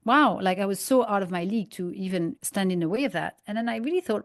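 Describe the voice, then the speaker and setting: A woman guest in an interview, telling stories and acting out dialogue and analogies in an animated way. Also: mid-range voice, fast talker, few pauses, no room sound, studio quality. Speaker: guest, holistic migraine practitioner. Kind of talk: conversational interview, storytelling.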